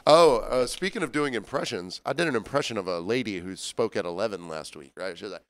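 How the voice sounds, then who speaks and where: Man, podcast co-host, casual storytelling, does impressions, smooth clear voice. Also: lowish voice, quick pace. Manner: storytelling, mimics people. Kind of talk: casual chat.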